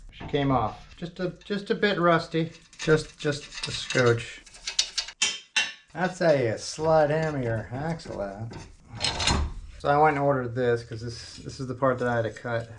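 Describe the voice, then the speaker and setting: A man working on a car in his repair shop, chatting casually and joking with playful rhymes. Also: medium pitch. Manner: playful, rhyming wordplay and banter with his dog. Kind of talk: casual workshop vlog. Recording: noisy workshop with tool clicks.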